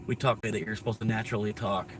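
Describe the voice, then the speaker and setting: A man's voice: lowish voice, fairly even intonation, rapid-fire, noisy background. Rambling, cussing American man. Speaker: vlogger. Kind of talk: casual rambling chat. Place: inside a moving vehicle.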